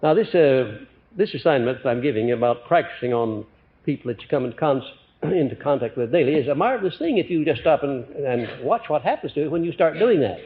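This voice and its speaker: An older man giving a live motivational lecture to an audience, animated, swinging between loud emphatic lines and quiet ones, with frequent fillers. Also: medium pitch, fairly quick. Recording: muffled 1950s lecture recording.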